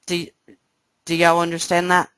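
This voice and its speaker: Excited woman teaching live trading. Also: on the low side, normal speed, smooth, dry recording. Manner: explanatory, keeps checking listeners follow; excited, animated. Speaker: trading instructor. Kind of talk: live trading room lesson.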